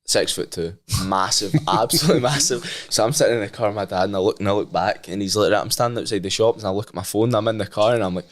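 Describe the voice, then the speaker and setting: A young Scottish man with a low-pitched voice tells a story as a podcast guest. He swears freely, laughs, and acts out each line of dialogue in casual chat. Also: quick pace, hardly any pauses.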